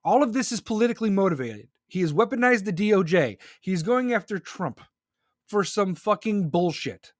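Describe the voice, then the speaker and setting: A man's voice: sits high, expressive, moderate pace, no room sound, studio quality. A man hosting a podcast, delivering an angry, profane political rant. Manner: furious, profane, ranting. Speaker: podcast host.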